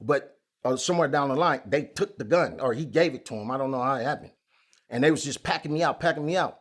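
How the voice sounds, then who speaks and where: A man as an interview guest, telling a story in casual chat, animated and full of street slang. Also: medium pitch, quick pace. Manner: animated, acts out quoted lines loudly, heavy street slang.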